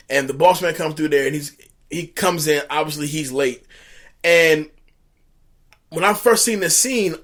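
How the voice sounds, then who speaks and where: A man retells a comedy film in loose chat, talking with animation and tripping over fillers and restarts. His voice sits somewhat high for a man. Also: a bit bright. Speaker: co-host. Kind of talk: casual movie recap chat.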